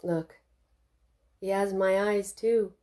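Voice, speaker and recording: A new mother murmurs softly and gently as a woman reads her. The voice is warm and mellow in a storybook reading. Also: medium pitch, steady tone, takes it slowly, close to an everyday voice. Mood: tender. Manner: soft, gentle.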